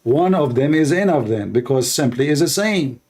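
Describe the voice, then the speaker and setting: A man's voice: on the high side, animated, normal speed, darkish tone, slightly rough. Mocking, emphatic male host. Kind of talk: call-in debate.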